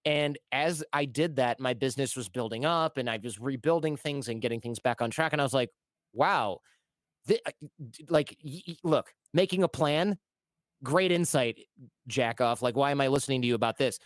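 A man in his thirties telling a personal story in a casual, animated way, often acting out what others said, recorded close on a studio mic. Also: mid-range voice, moderate pace, no echo. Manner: animated, acts out quoted voices. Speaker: podcast guest.

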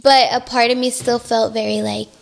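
Young woman with a gravelly high voice. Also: flat delivery, normal speed. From Mexican-American family. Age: young adult. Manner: talks with many likes, mixes in Spanish words. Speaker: podcast guest. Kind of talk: emotional personal storytelling.

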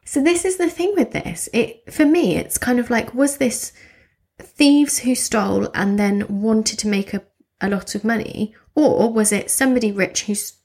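A woman co-hosting a podcast, telling a case in a lively, chatty way and laughing often. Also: on the high side, moderate pace, breathy edge. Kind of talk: casual chat.

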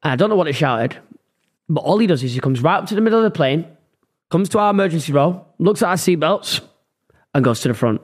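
A man's voice: on the high side, lively intonation, fast talker. A man, a podcast co-host telling his side of a scary flight in casual chat, with plenty of slang.

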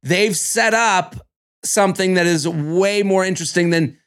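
A man co-hosting a podcast, chatting casually about a reality dating show, animated and cussing, now and then acting out cast members. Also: high-pitched, measured pace. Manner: animated, swearing, acts out cast members in exaggerated voices. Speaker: podcast co-host. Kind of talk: casual reality-TV recap chat.

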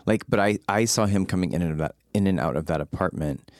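A young man telling a story in casual chat, rambling and animated, his voice jumping up when excited. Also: low voice, fast, no echo, clean studio sound.

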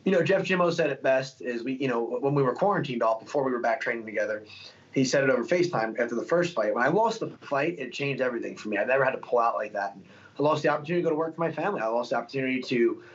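A young man, a fighter, talking casually in an interview, rambling through stories with lots of fillers. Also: medium pitch. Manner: fast, rambling storytelling with many fillers. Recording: dull lo-fi sound.

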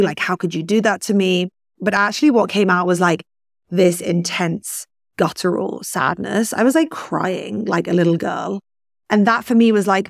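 A woman's voice: on the low side, creaky, no room sound, studio quality. A young woman hosting a podcast, frankly and emotionally sharing a personal story with casual swearing. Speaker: podcast host. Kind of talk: candid personal monologue.

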